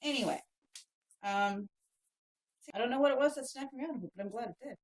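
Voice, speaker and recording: A woman's voice: fairly quick, rough recording. A woman in her thirties from Maryland chatting frankly on a home livestream, trailing off and correcting herself as she goes. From Maryland, USA. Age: 30s. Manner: switches to high excited baby talk for her pets. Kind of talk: casual livestream chat.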